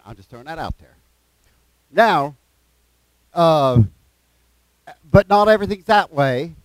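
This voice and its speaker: A man preaching a sermon in a folksy way, reading scripture slowly with plain asides and repeated phrases. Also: high-pitched, dry recording, low-quality recording.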